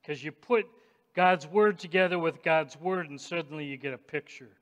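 A man preaching a sermon, speaking emphatically and directly to the congregation and rising to shouts at times. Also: on the high side, normal speed. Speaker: pastor. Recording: long echoing reverb of a large hall.

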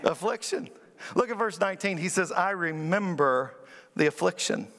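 A male pastor delivers a sermon to his congregation, his voice sitting a bit high for a man. He leans into emphatic, rising lines and asks the room to answer him back. The sound rings out with a long reverberant tail, as in a large church sanctuary. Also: expressive, moderate pace, a bit bright. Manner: preaching with call-and-response, rising emphatic pitch.

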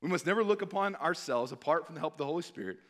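A man in his thirties delivers a sermon with a slightly raised pitch. He talks in a loose, conversational way, stopping often to ask his listeners questions. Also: expressive, very fast, fairly bright tone. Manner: conversational, asks the audience often with "right?". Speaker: missionary preacher.

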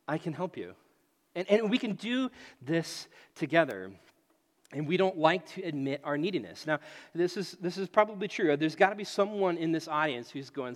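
Animated man preaching, late thirties. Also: high-pitched. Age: late 30s. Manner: animated storytelling, acts out voices, repeats phrases. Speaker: pastor. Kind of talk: sermon. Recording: echoey hall.

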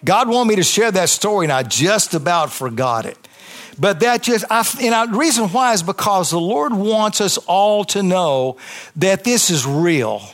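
A high-pitched man preaches his testimony before a church congregation. He talks to them conversationally but with rising passion, leaning on emphatic repetition. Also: expressive, normal speed, fairly bright tone. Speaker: pastor. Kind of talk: testimony sermon.

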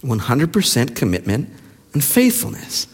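A male pastor preaching a sermon with passion, firing rhetorical questions and dropping to hushed lines. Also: medium pitch, wildly swooping pitch, moderate pace, breathy edge. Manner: impassioned, with rhetorical questions and sudden hushed drops. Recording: long reverb of a large hall.

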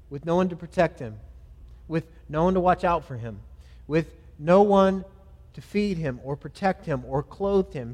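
A man preaching a sermon, reading scripture and praying earnestly, swelling to emphatic phrases and falling back soft. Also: on the high side. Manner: earnest, reads scripture aloud and leads prayer; builds to louder emphatic phrases, then drops soft. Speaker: pastor. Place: church sanctuary. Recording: long hall reverb.

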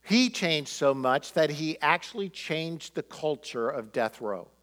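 Man preaching with a lively, higher voice. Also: unhurried. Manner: animated storyteller acting out quotes. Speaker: pastor. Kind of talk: sermon storytelling.

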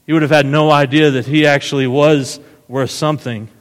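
A man's voice: fairly high pitch, steady tone, a little fast. A man giving a sermon as pastor, retelling a story casually and often asking "right?". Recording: long hall reverb.

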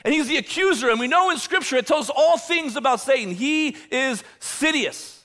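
A male pastor delivers a sermon in a high, bright, ringing voice. He preaches with emphasis and stumbles into repeated words as his passion builds. His pitch swings wide between hushed reflection and loud declarations. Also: expressive, normal speed.

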